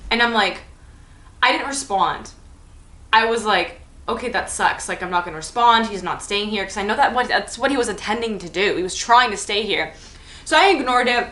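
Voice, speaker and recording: A woman's voice: medium pitch, animated, normal speed, bright, forceful tone, reverberant. A young woman chatting animatedly through a storytime vlog, full of fillers and acted-out dialogue. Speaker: vlogger.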